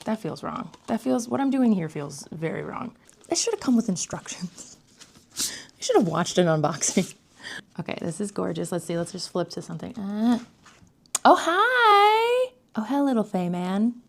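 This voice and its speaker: Gravelly, excitable woman unboxing. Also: fairly low pitch, moderate pace. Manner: excitable, gasping, slipping into whispers. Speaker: vlogger. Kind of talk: casual unboxing commentary.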